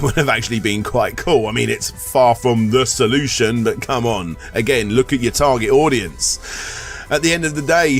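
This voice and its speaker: A man gives his view in a calm, earnest vlog voice. He speaks in a measured way, weighing his points. Faint music plays underneath. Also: medium pitch. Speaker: YouTuber in a clip. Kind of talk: casual vlog commentary.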